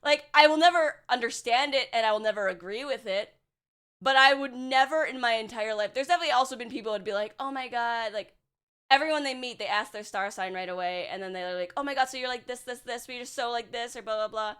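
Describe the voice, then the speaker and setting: A woman's voice: fairly high pitch, quick pace, a bit bright, smooth. A young woman streaming as a VTuber, chatting casually and bluntly with her chat, swearing and sarcastic, full of filler words.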